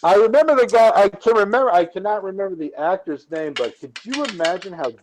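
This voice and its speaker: A man chats on a live call with a slightly raised pitch. He gets animated about the topic and often repeats words as he gets going. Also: brisk, low-quality recording. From United States. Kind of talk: casual chat on a live call.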